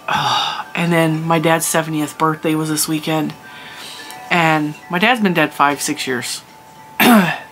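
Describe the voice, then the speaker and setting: A woman's voice: low voice, sharp tone, rough recording. A middle-aged woman telling a story in a casual, chatty vlog, emphatic, with lots of "like" and laughs. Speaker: crafting channel host.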